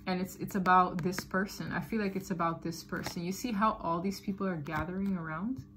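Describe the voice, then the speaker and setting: A woman giving a tarot reading to her viewers, talking in a loose, animated way, often laughing and repeating phrases. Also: on the low side, brisk, a little hiss or hum, rough recording. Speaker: tarot reader. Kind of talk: casual tarot reading to camera.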